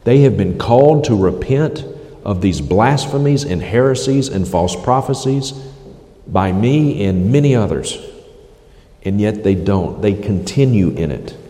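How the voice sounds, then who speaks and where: A man's voice: lowish voice, animated, a little slow, mellow. A man preaching a critical sermon, emphatic and repeating phrases for stress. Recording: echoey hall reverb.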